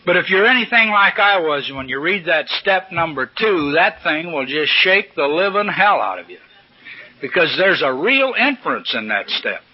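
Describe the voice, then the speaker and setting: A man's voice: a little high, sing-song, moderate pace, slightly rough. An older man speaking at a recovery meeting, telling stories in a folksy, salty, humorous way from a podium. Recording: dull lo-fi old recording.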